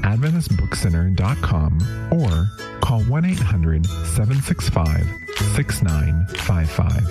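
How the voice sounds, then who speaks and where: A man reading the closing credits of a podcast in a measured, formal manner. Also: sits low, very animated, creaky. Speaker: announcer. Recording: voice over music bed.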